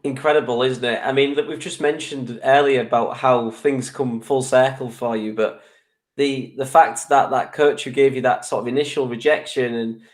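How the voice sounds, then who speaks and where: A man hosting a podcast interview, speaking at an ordinary mid pitch. He asks long questions and keeps the guest going with short, encouraging replies. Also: steady tone, normal speed. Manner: encouraging, frequent short affirmations. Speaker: podcast host.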